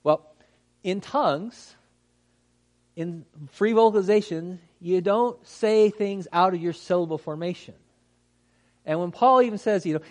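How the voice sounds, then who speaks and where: A man who is a pastor giving a conversational teaching talk, lively and acting out how words get mispronounced, with many fillers and restarts. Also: fairly high pitch. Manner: animated, acts out mispronunciations.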